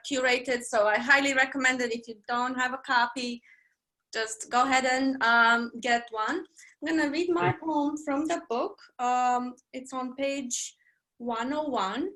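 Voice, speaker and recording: A woman's voice: high voice, pushed and bright. A woman poet at a live online reading, thanking the hosts with chatty fillers and then reading her poem. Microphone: video call.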